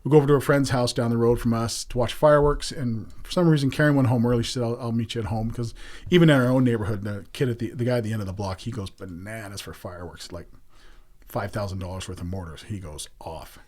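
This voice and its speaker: A man's voice: mid-range voice, fairly even intonation, quick pace, a little mellow. A middle-aged man telling a personal story as a podcast guest, candid and earthy, growing emotional as he speaks.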